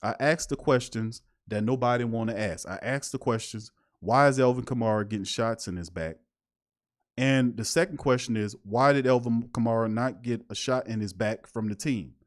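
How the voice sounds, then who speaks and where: A man's voice: medium pitch, normal speed. A man hosting a sports talk show, rambling and emphatic, firing off repeated rhetorical questions in streetwise slang. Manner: streetwise slang, laughs at his own jokes. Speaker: sports podcast host. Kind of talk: casual sports talk commentary.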